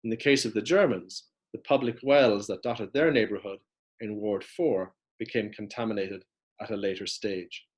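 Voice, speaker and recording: Guy lecturing off his notes, lowish voice, measured and steady. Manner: measured, reads from notes with map references. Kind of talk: prepared lecture narration.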